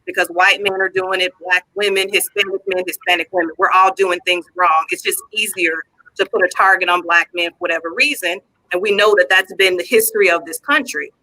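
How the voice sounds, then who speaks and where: A man's voice: sits high, steady tone, a little fast, pushed and bright, no room sound, poor audio. A man on a podcast panel, speaking in an earnest, firm way. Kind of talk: casual discussion.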